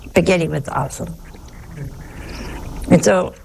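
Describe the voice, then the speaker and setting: A woman's voice: low-pitched, moderate pace, vocal fry, long pauses, darkish tone, slight background noise. A woman who is a nun, giving a chatty sermon-style talk, telling stories and asking her listeners rhetorical questions.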